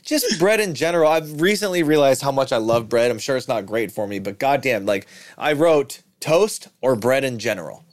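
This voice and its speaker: A man's voice: medium pitch, normal speed, no echo, studio quality. A man co-hosting a casual podcast, laid-back and swearing, tossing in "man" and "baby". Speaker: podcast co-host. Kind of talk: casual chat.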